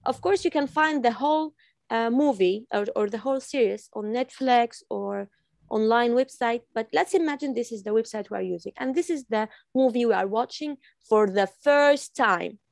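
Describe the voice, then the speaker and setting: A woman's voice: on the high side, moderate pace, vocal fry, no room sound, studio quality. A woman from Iran teaching an online English class, repeating phrases patiently for her learners over a video call. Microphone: computer mic on video call.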